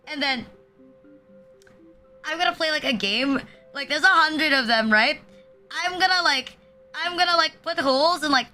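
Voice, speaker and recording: A woman's voice: high voice, pushed and bright. A young woman streaming, joking crudely and rambling with lots of fillers. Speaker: VTuber streamer. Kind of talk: casual livestream chat.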